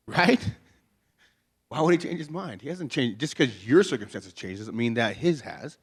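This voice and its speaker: Man, pastor, casual sermon, folksy humor, rhetorical questions, mid-pitched voice. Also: expressive, normal speed, breathy edge. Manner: folksy, joking, peppers talk with rhetorical questions. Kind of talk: conversational sermon. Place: chapel before a congregation.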